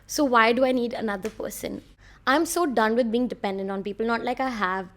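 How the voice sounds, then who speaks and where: A young woman hosting her own podcast, talking alone in a chatty, self-conscious, rambling way. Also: a little high. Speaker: podcast host. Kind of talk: solo podcast rant. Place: room.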